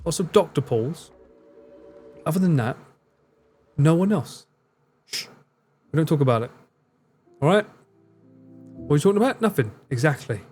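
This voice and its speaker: A man's voice: fairly high pitch, expressive, normal speed, pauses often, a little mellow, faint music behind. A young man with an Essex accent, chatting casually and jokingly with his live stream viewers. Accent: Essex English. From Essex, England. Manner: joking, teasing, answers chat messages.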